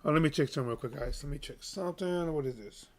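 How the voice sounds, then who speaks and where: Animated male livestream sports host. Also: fairly high pitch, fast. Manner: animated, repetitive, hyping the chat. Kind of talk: casual live-stream chat.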